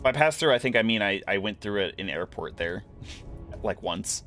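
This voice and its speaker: A man's voice: fairly low pitch, animated, moderate pace, fairly bright tone. Chatty male game streamer over music. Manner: chatty, reads and answers chat, frequent "like" fillers. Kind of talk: casual gameplay commentary.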